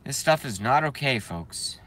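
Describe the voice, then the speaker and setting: A man's voice: mid-range voice, expressive, a little slow, a bit bright. A man hosting a live stream, ranting heatedly and emphatically and repeating his phrases for effect. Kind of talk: impassioned live-stream rant.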